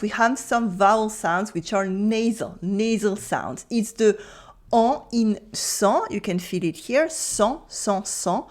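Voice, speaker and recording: French woman demonstrating pronunciation slowly. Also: a little high. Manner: clear, deliberate, repeating model words slowly. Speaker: French teacher. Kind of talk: online language lesson.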